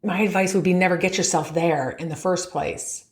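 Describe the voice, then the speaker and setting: A woman's voice: on the low side, fairly even intonation, moderate pace, roomy sound. A middle-aged woman coaching golfers on their mental game in a podcast, upbeat, often laughing and acting out the thoughts in their heads. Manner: upbeat, laughs often, acts out inner voices.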